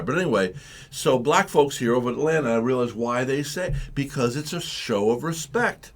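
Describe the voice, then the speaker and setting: Rambling, animated male radio host. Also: medium pitch, normal speed. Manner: rambling, animated storytelling with acted-out quotes. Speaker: radio talk show host. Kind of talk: live morning radio talk.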